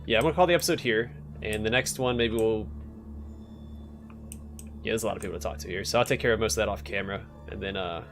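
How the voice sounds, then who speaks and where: A man's voice: on the low side, quick pace, vocal fry, long pauses, fairly bright tone, soft background music. A man hosting a let's play, chatting casually and wryly while he plays. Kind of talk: casual gameplay commentary.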